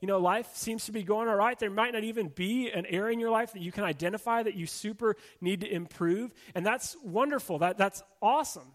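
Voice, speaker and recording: A man with a high voice preaches a sermon to his congregation. He talks in a loose, conversational way with casual fillers, then slows and softens to stress his main points. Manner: conversational preaching with casual fillers, drops soft and slow for emphasis. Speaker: pastor.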